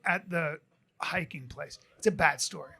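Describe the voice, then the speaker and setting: A comedian telling a story on a live comedy club stage, animated, shouting out sound effects and dropping into muttered asides. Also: male voice, fairly high pitch, moderate pace, creaky, crowd noise.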